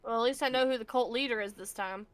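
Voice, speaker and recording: A woman's voice: on the high side, quick pace, no room sound, faint music behind. A woman playing a tabletop game, chatting casually with dramatic, joking complaints. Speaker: player.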